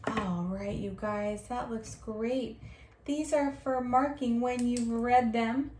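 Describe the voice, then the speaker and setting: A woman teacher with a slightly high voice, guiding young children through sounding out words. She stretches each line out slowly so they can follow, with encouraging praise. The room adds a noticeable echo. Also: steady tone, a little mellow. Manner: slow, drawn-out modelled reading with encouraging praise. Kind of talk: early reading lesson for young children. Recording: roomy echo.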